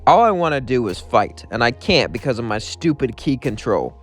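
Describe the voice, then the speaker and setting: A man's voice: medium pitch, sing-song, moderate pace, a bit bright, faint music behind. A man voicing an arrogant, scornful male android warrior who talks bluntly. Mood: frustrated.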